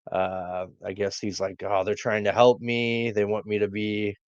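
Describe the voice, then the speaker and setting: Slow, low-voiced man recapping wrestling. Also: flat delivery, no room sound. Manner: laid-back, frequent "uh" fillers. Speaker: podcast co-host. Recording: dull lo-fi dry sound.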